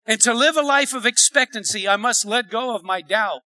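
A man preaching a sermon in church, emphatic, dropping to a hush and rising to shouts. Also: very high-pitched, normal speed, dry recording, poor audio. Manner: emphatic, swinging from hushed to shouting. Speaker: pastor. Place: church sanctuary.

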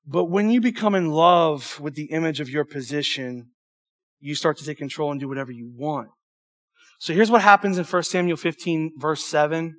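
High-voiced young man preaching. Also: normal speed. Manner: animated, emphatic preaching with stumbles and asides. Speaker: youth pastor. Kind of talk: sermon.

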